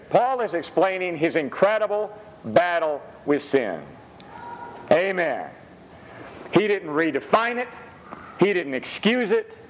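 Preacher, male, fairly high voice with a lot of swing in it, peppers his sermon with amens. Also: a little hiss or hum, low-quality recording. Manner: animated, punctuates with "amen". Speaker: pastor.

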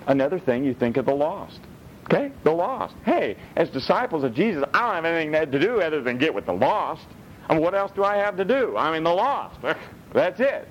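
A male pastor preaching a sermon, blunt and animated, swinging between high and low. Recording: dull lo-fi with faint rumble.

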